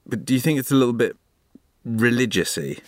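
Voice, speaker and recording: A man's voice: mid-range voice, expressive, a little fast, a little hiss or hum. A man, speaking in a hesitant, doubtful way in a comedy sketch. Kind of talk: scripted comedy dialogue.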